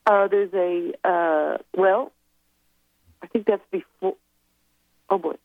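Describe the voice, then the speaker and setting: A woman's voice: fairly low pitch, steady tone, takes it slowly, no room sound. A woman guest author speaking casually in an interview, rambling and hesitant as she recalls things. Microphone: telephone. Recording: tinny phone line.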